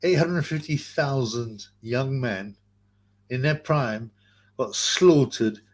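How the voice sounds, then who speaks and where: A man's voice: mid-range voice, slow pace. Guy on a livestream chatting to his viewers, rambly, blunt, swears a lot, says bro and man a lot. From England. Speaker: livestream host reading chat. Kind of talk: casual livestream chat.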